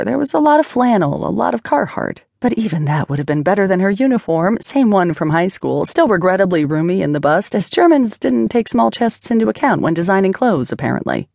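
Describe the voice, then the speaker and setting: A woman's voice: mid-range voice, gravelly, darkish tone, dry recording, studio quality. A woman narrating an audiobook in a wry, conversational manner. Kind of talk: scripted narration.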